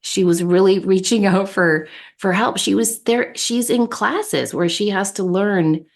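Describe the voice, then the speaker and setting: A woman co-hosting a podcast, telling a personal story in a casual, animated, anecdotal way. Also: mid-range voice, a little slow. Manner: animated, anecdotal, warm laughter. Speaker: podcast co-host.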